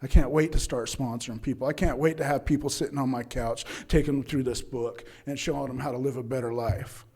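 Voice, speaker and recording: A man's voice: mid-range voice, steady tone, a little fast, hardly any pauses, a little mellow, breathy edge. A man from Utah giving a candid, rambling talk about his recovery at a meeting, checking in often with his listeners. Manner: candid, rambling, frequent "right?" and "you know". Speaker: AA meeting speaker. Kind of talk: personal recovery story told to an audience. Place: AA speaker meeting.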